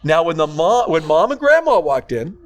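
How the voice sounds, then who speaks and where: An older man and grandfather, co-hosting a podcast and telling stories in a casual chat, animated and often laughing as he talks. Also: on the high side, moderate pace. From California. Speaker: podcast co-host.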